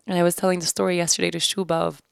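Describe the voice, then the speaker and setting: A woman's voice: fairly low pitch, flat delivery, very fast, creaky, smooth, no room sound, studio quality. A woman in her thirties, hosting a podcast, candidly and searchingly recounting a personal experience and swearing casually. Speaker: podcast host. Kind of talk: reflective personal storytelling.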